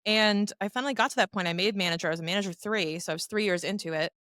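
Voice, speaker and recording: A woman in her thirties, a finance professional guesting on a podcast, telling stories in a lively, chatty way. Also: medium pitch, racing, no room sound, studio quality. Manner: animated storyteller who acts out quoted voices. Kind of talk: casual interview talk.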